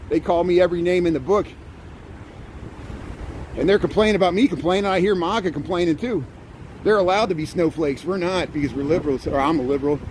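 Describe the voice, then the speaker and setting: A man's voice: high-pitched, a little mellow, slight background noise. A middle-aged man chatting casually to viewers on a livestream as he walks city streets in the snow, rambling and often chuckling. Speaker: live-streaming vlogger. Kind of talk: casual walking livestream chat.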